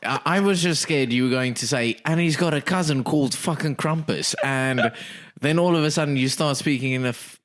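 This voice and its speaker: A man's voice: mid-range voice, brisk, hardly any pauses. Chill guy on a podcast, mostly short replies, dry jokes now and then. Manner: laid-back, mostly brief agreeing replies with dry asides. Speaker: podcast co-host. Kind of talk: casual comedic chat.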